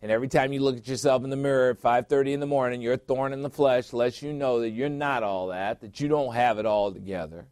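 A man's voice: medium pitch, fairly even intonation, fast, few pauses, darkish tone, clear, resonant tone, dry recording, studio quality. A middle-aged man preaching a sermon as pastor, emphatic, repeating phrases and putting questions to his listeners.

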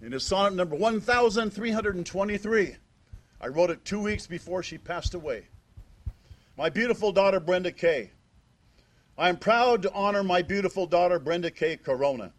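A man's voice: sits high, expressive, moderate pace. An older man speaking as a father at a memorial service, emphatic and fond of rhetorical questions. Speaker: father giving a eulogy. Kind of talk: memorial speech.

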